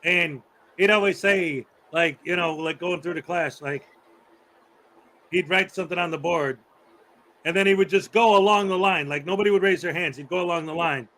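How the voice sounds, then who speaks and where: A man with a fairly high voice hosts a loose, casual chat. He rambles through stories, laughs often and slips into acting out the people he talks about. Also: normal speed, fairly bright tone, slight background noise, rough recording. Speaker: host.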